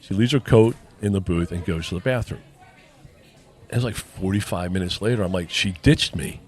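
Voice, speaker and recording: A man's voice: sits low, moderate pace, a little mellow. A man co-hosting a casual chat, telling a personal story and acting out the dialogue. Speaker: podcast co-host.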